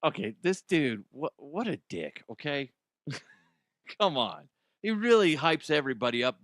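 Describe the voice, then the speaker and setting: A man's voice: fairly high pitch, sing-song, measured pace, a bit bright, no echo. Guy ranting through funny news, swears a lot, rambles, dry close sound. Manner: profane, rambling, jokey. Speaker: host. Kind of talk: comedic news commentary.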